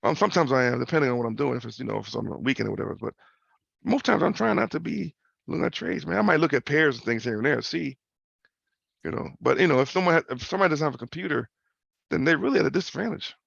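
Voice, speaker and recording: A man's voice: medium pitch, lively intonation, quick pace, vocal fry, a bit bright, slightly rough, no room sound. A man hosting a casual trading talk over a video call, loose and slangy, repeating himself and tagging questions onto his points. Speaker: host. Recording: muffled video call audio.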